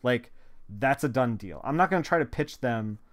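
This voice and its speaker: A man's voice: mid-range voice, lively intonation, moderate pace. A man, a comic colorist, talking casually on a live stream from a home studio at a desk mic, rambling with lots of "like" fillers. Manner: rambling, filler-heavy, frequent "like". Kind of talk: casual chat while working.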